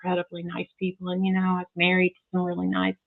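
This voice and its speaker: A woman's voice: fairly low pitch, completely flat delivery, fast, creaky. A woman chatting as a podcast guest, bubbly and self-deprecating, laughing often. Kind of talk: casual interview chat. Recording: thin phone-like sound.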